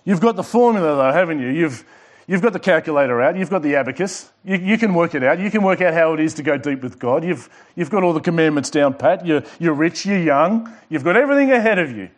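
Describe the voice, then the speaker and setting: Emphatic male pastor preaching, fairly high voice. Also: lively intonation. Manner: emphatic preaching with pauses and repetitions. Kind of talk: sermon.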